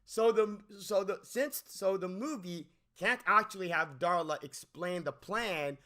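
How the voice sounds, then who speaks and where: A man's voice: high-pitched, a little slow, pushed and bright. Exasperated man ranting about a movie. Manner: exasperated, repeats words and restarts often. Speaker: movie critic.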